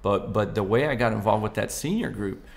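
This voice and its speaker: Fairly low-pitched, fairly quick and gravelly, this man's voice carries a loose, rambling style. A guest musician and comedian in his forties from Southern California, he keeps the casual interview chat playful.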